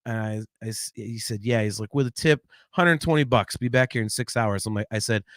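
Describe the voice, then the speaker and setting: A man in his forties, co-hosting a podcast, who tells family stories in a lively, laughing way and reads out chat comments. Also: lowish voice, brisk, dry recording, clean studio sound. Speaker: podcast co-host.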